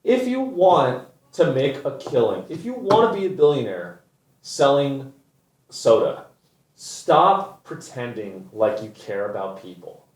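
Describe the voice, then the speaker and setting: A man's voice: medium pitch, sing-song, a little slow. A man hosting a comedy show, delivering an exasperated, profane rant. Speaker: comedian host. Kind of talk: ranting comedic monologue. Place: studio. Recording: echoey new studio, botched audio.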